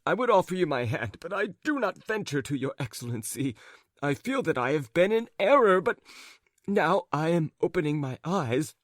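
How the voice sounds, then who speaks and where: Guy doing a flustered fawning hubby, babbles and stammers, jumpy pitch. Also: sing-song, moderate pace, no room sound, clean studio sound. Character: flustered jealous husband, fawning and rambling.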